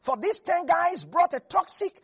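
A preacher delivering a lively sermon that swings between hushed asides and shouts. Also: very high voice, measured pace.

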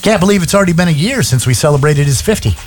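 A man's voice: a little high, lively intonation, very fast, soft background music. A man hosting a radio show, chatting casually and joking with many filler words. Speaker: radio host. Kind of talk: casual on-air chat. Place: radio studio.

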